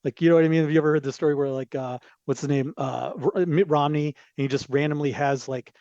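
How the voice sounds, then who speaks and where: A man's voice: on the high side, steady tone, fast talker, warm tone, no echo. A man talking as a podcast guest in a rambling, digressive casual chat, with frequent asides, on a dull lo-fi recording.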